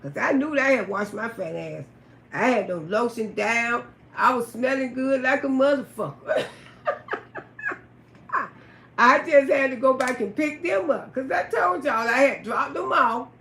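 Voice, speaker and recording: A woman telling a raunchy story on a live stream, loud, profane and laughing often. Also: high-pitched, unhurried, vocal fry, echoey room. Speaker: livestream storyteller.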